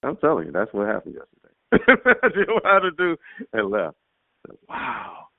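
A man tells a testimony on a prayer line in a lively storytelling way, acting out what he and others said. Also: a little high, fairly quick, vocal fry, no echo. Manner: animated storytelling, acts out his own quotes. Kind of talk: casual spoken testimony. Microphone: phone. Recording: tinny phone line, dry.

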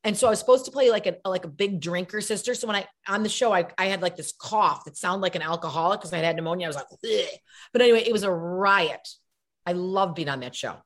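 A woman's voice: fairly low pitch, quick pace. A middle-aged woman, an actress and comedian, chatting as an interview guest and acting out quotes in voices. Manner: animated storyteller, acts out quotes in voices.

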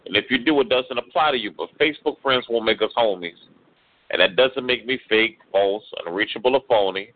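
A man's voice: medium pitch, brisk, no room sound. A man performing a rhyming spoken word poem with a rhythmic, exasperated delivery. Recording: tinny phone-like radio audio.

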